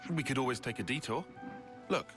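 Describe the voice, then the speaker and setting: An actor playing a stern, impatient young soldier in a video game, heard as game audio under music. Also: male voice, mid-range voice, fairly quick, lightly acted. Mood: brisk.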